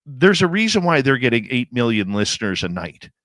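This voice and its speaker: A man's voice: medium pitch, sing-song, brisk, a bit bright, no echo. A man hosting a radio talk show, speaking in emphatic, opinionated bursts. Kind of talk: casual radio interview chat.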